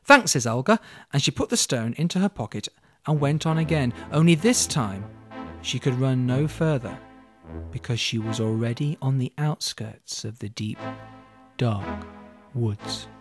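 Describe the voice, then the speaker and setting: A man telling a fairy tale in an expressive, playful way, speaking straight to the listener. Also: medium pitch, measured pace, over music. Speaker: storyteller. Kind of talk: dramatic storytelling.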